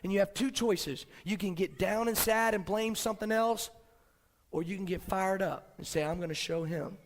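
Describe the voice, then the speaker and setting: A man giving a fired-up motivational business speech, swinging from low, quiet lines to shouting. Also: normal speed, slight background noise. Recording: long hall reverb.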